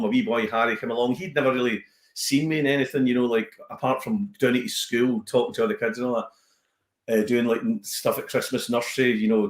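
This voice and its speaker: A man's voice: medium pitch, echoey room. Chatty Scottish man telling stories. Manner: animated storyteller, mimics voices. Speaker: comedian guest. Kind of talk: casual podcast chat.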